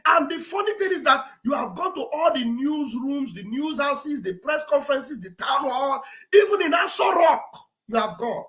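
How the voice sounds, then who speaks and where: A high-pitched woman hosts a live stream. She talks in a sarcastic, mocking way, swinging between shouts and mock wailing. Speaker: online show host. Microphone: live-stream setup.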